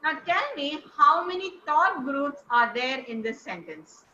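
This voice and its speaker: A woman's voice: high voice, very animated, measured pace, bright, forceful tone, a little hiss or hum. Woman, thirties, encouraging online teacher, roomy slightly muffled call audio. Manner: encouraging, quizzes listeners. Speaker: speaking coach. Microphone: video call.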